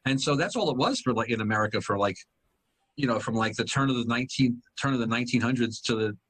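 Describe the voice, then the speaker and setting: A man in his sixties, a guest comedian telling stories in a casual chat, quick and animated. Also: medium pitch. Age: 60s.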